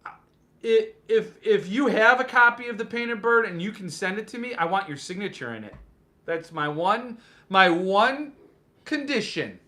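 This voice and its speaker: A man's voice: high-pitched, bright, forceful tone. A man hosting a casual live stream about book collecting, reading viewer comments and joking around in a playful way. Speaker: host of a book collecting show.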